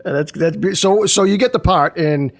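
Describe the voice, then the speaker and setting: A man hosting an interview show, asking questions in a halting way with many restarts and laughing along with his guest. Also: high-pitched. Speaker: podcast host. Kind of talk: interview questions, casual chat.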